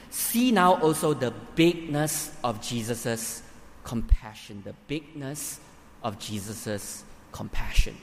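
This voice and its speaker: A man preaching a sermon in a church hall, emphatic and building to forceful peaks. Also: medium pitch, a little hiss or hum. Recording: reverberant hall, faint ambience.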